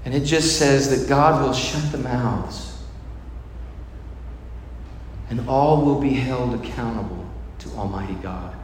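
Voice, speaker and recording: A man's voice: mid-range voice, takes it slowly, long pauses. A man preaching a sermon as a pastor, telling stories dramatically and acting out the voices of the people in them. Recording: echoey hall, faint noise.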